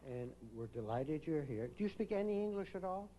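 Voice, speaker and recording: A male emcee with a somewhat high but mellow voice works the stage with teasing, quick-witted banter. He asks contestants their final questions live, with a faint hiss of noise behind him. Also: big pitch swings, dull audio. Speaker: pageant host. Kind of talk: joking live pageant emcee.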